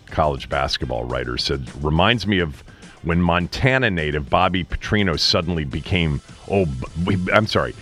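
A man hosting a sports talk show, chatting casually with quick laughing asides. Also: a bass voice, a bit bright. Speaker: radio host.

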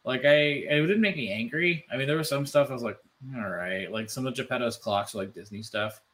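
A man co-hosting a casual podcast chat, animated and loose, full of "like" fillers and swearing. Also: medium pitch, quick pace, slight background noise. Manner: animated, swearing, many "like" fillers, mimics voices. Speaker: podcast co-host.

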